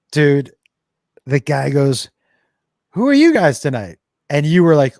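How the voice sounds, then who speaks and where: A middle-aged man tells stories with a voice that swings widely in pitch. He swears freely and acts out the dialogue, recorded dry and close to the mic. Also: lively intonation, normal speed, long pauses, darkish tone, no echo. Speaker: podcast co-host. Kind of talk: casual storytelling chat.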